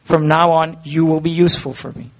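A man's voice: on the high side, little pitch movement, brisk. A man preaching a sermon in an earnest, conversational way, asking the listeners rhetorical questions.

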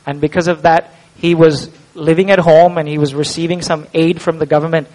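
A man from India, preaching an expository sermon, emphatic, slowing down to stress key words and asking the listeners rhetorical questions. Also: fairly high pitch, flat delivery, a little mellow, poor audio.

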